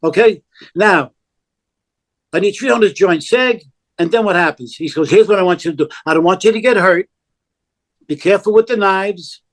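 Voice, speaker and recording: Older New man with a high voice. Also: normal speed, long pauses. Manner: animated, acts out quoted dialogue, blunt and profane. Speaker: podcast guest. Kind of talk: casual storytelling.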